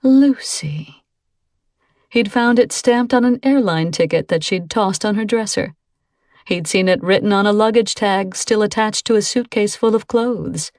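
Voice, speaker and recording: A woman narrating an audiobook in a measured, suspenseful reading on a close microphone. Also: mid-range voice, a little mellow, no room sound. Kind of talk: scripted narration.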